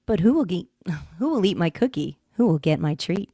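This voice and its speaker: A woman's voice: lowish voice, big pitch swings, normal speed, warm tone, no room sound, studio quality. A woman co-hosting a podcast, reading listener-sent comic poems and breaking into laughter often. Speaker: podcast co-host.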